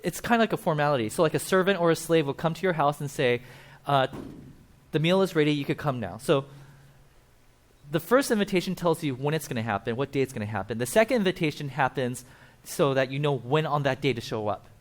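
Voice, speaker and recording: A man's voice: a little high, animated, fast. A man preaching a casual, conversational sermon at a church, explaining with asides and acting out quotes. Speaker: pastor.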